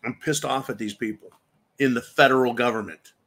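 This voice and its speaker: A man's voice: medium pitch, steady tone, brisk, fairly bright tone, breathy edge. A man hosting a political commentary show, ranting angrily with heavy profanity and rhetorical questions. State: angry. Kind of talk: angry political commentary monologue.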